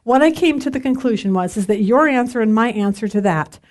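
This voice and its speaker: A woman's voice: fairly high pitch, expressive, fairly quick, a little mellow. A middle-aged woman teaching a women's Bible study in a chatty, self-deprecating way, laughing often.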